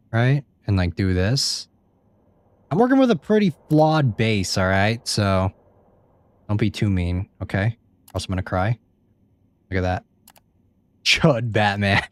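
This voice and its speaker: Laid-back lowish-voiced gamer guy. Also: smooth, no room sound. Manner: joking, self-deprecating, swears freely. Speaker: gaming YouTuber. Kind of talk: casual gameplay commentary.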